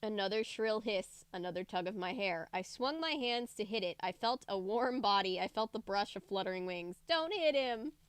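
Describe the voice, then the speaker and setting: A woman's voice: mid-range voice, moderate pace, hardly any pauses, clean tone, no echo. A woman reading a book aloud on a livestream, breaking off for chatty, joking asides. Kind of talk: casual read-aloud livestream.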